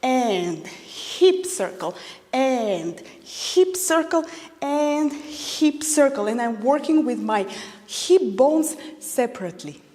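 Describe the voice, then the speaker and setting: A woman whose first language isn't English teaches a belly dance technique in an instructional class, counting beats aloud and calling out moves with slow, deliberate cueing. Her voice sits high, with lively intonation and a darkish tone, and the large room gives it a long reverb.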